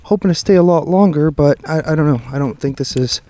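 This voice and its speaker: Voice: male, fairly high and warm, speaking fast. He's a paranormal vlogger filming his own hurried exit from a forest at night, nervously telling his viewers what's happening, sighing a lot and swearing and muttering under his breath in a jittery manner. His handheld camera mic catches him on the move, along with faint nocturnal forest sounds and rattling.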